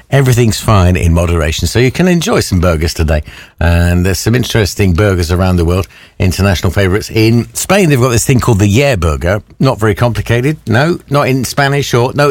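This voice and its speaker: Male radio host, low-pitched, playful punning patter, dry booth sound. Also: no echo. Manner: jokey, punning, playful asides. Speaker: radio presenter. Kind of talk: chatty radio link.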